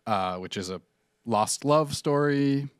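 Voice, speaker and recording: A man's voice: mid-range voice, slow pace, clear, resonant tone, no echo, clean studio sound. A man co-hosting a culture podcast, talking casually with frequent laughs and fillers. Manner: laughs often while describing, many fillers. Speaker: podcast co-host. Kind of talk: casual chat.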